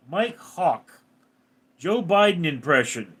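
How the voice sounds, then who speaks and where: A young man hosting a casual livestream, joking and reacting quickly as he reads out chat messages. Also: on the high side, wildly swooping pitch, fairly bright tone, slightly rough.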